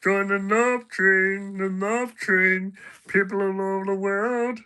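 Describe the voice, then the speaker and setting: A man's voice: sits high, fairly even intonation, slow, bright, forceful tone, clean tone, pitched above the performer's own voice, exaggerated voice. A man doing a comic impression of his male friend, a muddled and apologetic guy. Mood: puzzled. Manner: confused questions, over-the-top apologies. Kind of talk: impression during a live stream.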